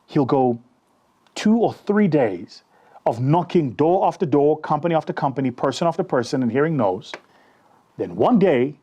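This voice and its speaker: A man's voice: on the high side, slightly rough. A man telling a motivational story about sales, speaking straight to his listeners and acting out bits of dialogue. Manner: animated, addresses listeners directly, acts out dialogue.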